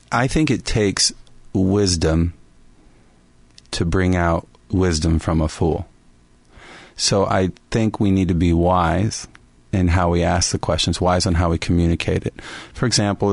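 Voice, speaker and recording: Male podcast host, low gravelly voice, dry close sound, animated self-mocking storyteller. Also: a little slow, no room sound. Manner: animated storyteller, laughs often at himself. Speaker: podcast co-host and basketball coach. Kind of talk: storytelling chat on a faith podcast.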